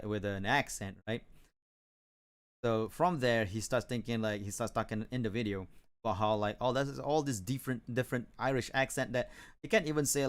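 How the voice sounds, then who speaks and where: A man's voice: on the low side, clean tone. A man from Malaysia chatting casually on an art stream, rambling with many restarts. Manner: rambling, many restarts and fillers, chuckles often.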